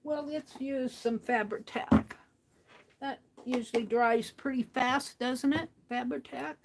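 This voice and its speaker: A woman hosting a craft stream, talking casually to herself as she works, often trailing into soft near-whispers. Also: high voice, steady tone, slow pace, very noisy. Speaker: craft livestream host. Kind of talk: casual craft talk while working.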